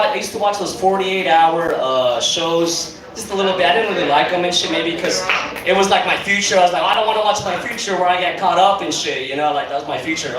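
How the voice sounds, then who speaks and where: A young man doing a rambling, profane stand-up set on a comedy club stage. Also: fairly high pitch. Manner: rambling, profane, lots of fillers. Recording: echoey club, mic from far off, crowd. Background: audience laughing.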